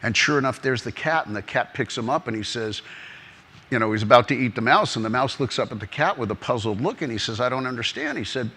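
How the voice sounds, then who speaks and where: A man's voice: medium pitch, quick pace, sharp tone, husky. A man as the interviewed guest in an on-stage conference conversation, telling stories and rambling with restarts.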